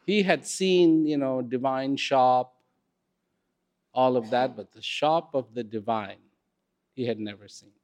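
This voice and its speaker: A man telling a story in a talk, unhurried and expressive, with dramatic pauses. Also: mid-range voice, smooth. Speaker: speaker.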